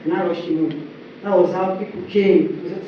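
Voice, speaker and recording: A young Nigerian woman telling her church testimony as a story, acting out quotes and rising high when she gets excited. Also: moderate pace. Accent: Nigerian English. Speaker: church member giving testimony. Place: church hall. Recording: echoey, distant, muffled with background noise.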